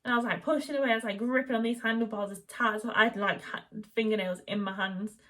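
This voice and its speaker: A woman's voice: on the high side, fast talker. Chatty young woman vlogging. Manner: chatty, animated retelling, quoting the midwife in raised voice. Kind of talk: casual chat, telling a birth story. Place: home.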